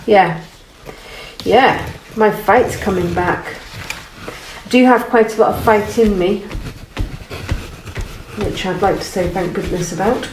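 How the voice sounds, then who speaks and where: A woman gently guiding an art lesson while she paints, encouraging and thinking aloud. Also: medium pitch, unhurried, pauses often. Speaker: art teacher. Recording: roomy, from off the mic, faint noise.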